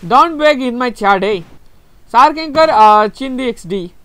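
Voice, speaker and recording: A young man from Nepal with a Nepali accent, live-streaming a game and chatting with viewers, laughing often and breaking into excited yelling. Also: extremely high pitch, a little slow, no room sound. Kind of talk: live gaming stream, reading chat.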